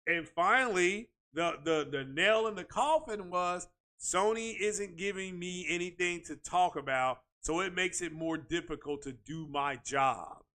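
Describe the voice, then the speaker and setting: A man hosting a tech video channel, ranting in casual commentary, animated and repetitive and leaning on "you know" fillers. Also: high voice, measured pace.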